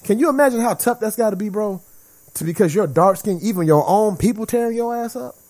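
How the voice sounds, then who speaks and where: This man speaks with a fairly high voice that swings up and down. He talks in a relaxed, slangy way but hits his points hard and often acts out the voices of people he quotes. The pitch jumps are wide and lively. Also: brisk. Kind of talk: casual chat.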